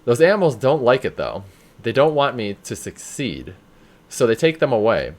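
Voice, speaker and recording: A man's voice: mid-range voice, very animated, normal speed, natural voice. A man voicing an eccentric male asylum patient who rambles grandly about his art, read aloud during a game playthrough. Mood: grandiose.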